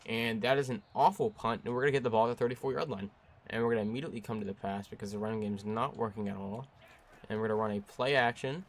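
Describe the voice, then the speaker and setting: A young man giving play-by-play commentary over his own video game, jumping between excited bursts and frustrated, flat stretches. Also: lowish voice, quick pace. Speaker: gaming YouTuber.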